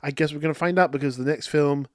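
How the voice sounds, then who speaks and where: A man hosting a casual, chatty movie review, talking excitedly and often saying "like". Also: a little high, fast, no room sound, studio quality. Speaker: film review host.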